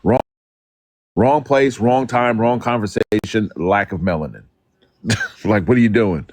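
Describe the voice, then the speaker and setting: A man co-hosting a livestream, telling stories in a casual, profane and animated way, acting out what others said. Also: lowish voice, unhurried, no room sound. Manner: animated, profane storytelling with acted quotes. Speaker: livestream co-host. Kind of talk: casual chat.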